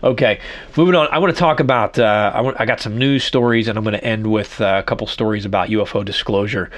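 A middle-aged man hosts a casual solo podcast, talking quickly in a lowish voice. His monologue is rambling and self-reflective, with many restarts.

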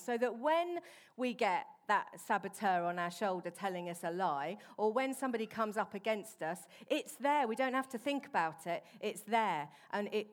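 A woman preaching a sermon in a church hall, earnest and conversational with soft asides. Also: mid-range voice.

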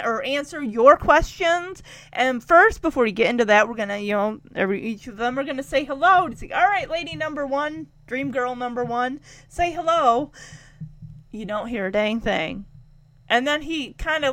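A woman's voice: sits high, no room sound. A woman hosting a podcast, casually retelling a show and acting out the characters' lines. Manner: animated, acts out characters' lines. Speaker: podcast host.

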